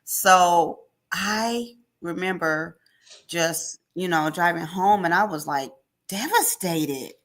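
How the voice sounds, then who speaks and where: A woman guest in an interview, telling an emotional personal testimony with animated storytelling and acted-out dialogue. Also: on the low side, takes it slowly. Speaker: podcast guest.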